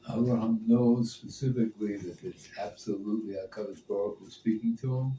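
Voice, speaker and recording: A man in a class discussion, asking searching, drawn-out questions. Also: lowish voice, dark tone. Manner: searching, builds long questions. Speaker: class participant. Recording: roomy and distant with faint background noise.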